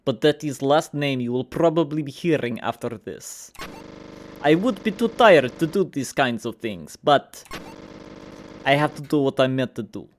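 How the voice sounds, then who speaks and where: A streamer voicing a tired, cruel male enforcer from a game, with a mock Russian accent and a slow, threatening delivery. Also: mid-range voice, lively intonation, a little hiss or hum, close to an everyday voice. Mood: menacing.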